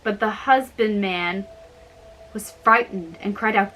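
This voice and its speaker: A woman reading a fairy tale aloud slowly and carefully, with small slips. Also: medium pitch, a bit bright, rough recording. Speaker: storyteller.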